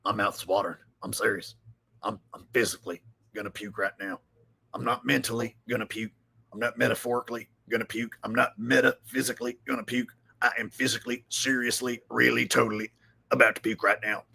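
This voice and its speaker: A man doing an impression of a defeated middle-aged male talk-radio host, whimpering and rushed. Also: medium pitch, steady tone, vocal fry, sharp tone, husky, exaggerated voice.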